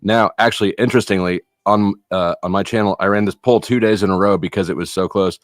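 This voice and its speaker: A man in his thirties speaking as a panel guest, in a measured, analytical way. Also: fairly low pitch, steady tone, no room sound, clean studio sound. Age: 30s. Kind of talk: casual panel chat.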